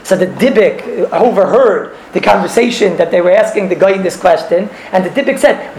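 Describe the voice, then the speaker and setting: A man's voice: high voice, expressive, normal speed, hardly any pauses, darkish tone, a little hiss or hum. A man teaching a religious class, explaining a text and telling stories, mixing in Hebrew and Yiddish terms and repeating phrases. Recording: echoey room.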